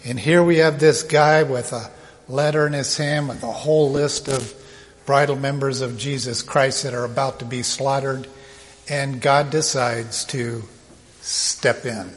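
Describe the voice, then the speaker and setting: A man preaching a sermon, slow and emphatic, now and then acting out the voices he quotes. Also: mid-range voice, steady tone, in a large hall.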